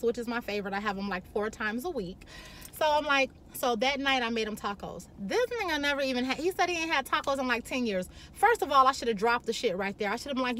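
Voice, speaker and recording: Bright, brash woman vlogger. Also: on the high side, brisk, a little hiss or hum. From Chicago. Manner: blunt, profane, animated. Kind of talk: candid storytelling to camera.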